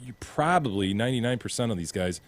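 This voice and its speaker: A man's voice: mid-range voice, lively intonation, fast. A man co-hosting a podcast in casual chat, making blunt and emphatic points.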